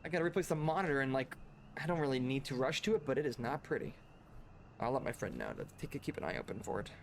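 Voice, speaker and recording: A man's voice: mid-range voice, lively intonation, fast talker, a little hiss or hum. A man chatting casually while streaming a video game, laughing often and rambling into asides. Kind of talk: casual gameplay chat.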